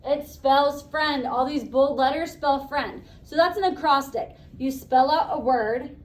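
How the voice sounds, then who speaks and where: A woman teacher leading a classroom lesson, brisk and encouraging, asking the class questions. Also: high voice, reverberant, recorded from a distance, rough recording.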